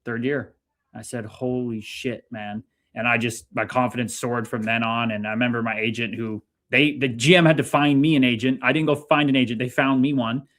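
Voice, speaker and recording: A man in his thirties, a former hockey player, telling stories in a casual interview, animated and dropping the odd swear word as he acts out old conversations. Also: medium pitch, fairly quick. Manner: animated, swearing, lively retelling with quoted dialogue. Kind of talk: casual storytelling.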